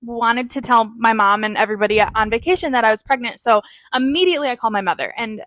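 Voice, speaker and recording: A woman's voice: on the high side, fast talker, a bit bright, no room sound, poor audio. A woman co-hosting a podcast, chatting candidly with frequent laughs and swearing. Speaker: podcast co-host. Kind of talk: casual chat.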